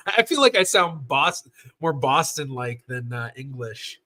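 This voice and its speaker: Bright-voiced man chatting on a livestream. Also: fairly high pitch, lively intonation, moderate pace. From Southern California. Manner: rambling, self-correcting, many fillers, laughs at himself. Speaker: genealogist livestream host. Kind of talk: casual livestream chat answering viewer questions.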